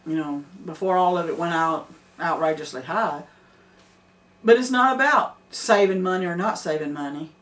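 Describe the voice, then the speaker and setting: A woman's voice: lowish voice, moderate pace, a bit bright. Earnest older woman, off-mic. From Middle Tennessee. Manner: earnest, emphatic, laughs easily. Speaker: homesteader. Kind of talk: casual chat. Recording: distant mic.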